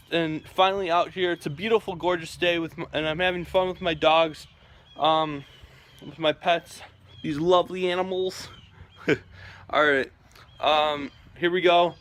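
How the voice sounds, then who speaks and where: A man's voice: fairly high pitch, fairly bright tone. A man vlogging outdoors on a sunny day, chatting in a rambling way and calling out to his dogs, recorded on a phone camera. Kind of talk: casual vlog chat. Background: birds chirping.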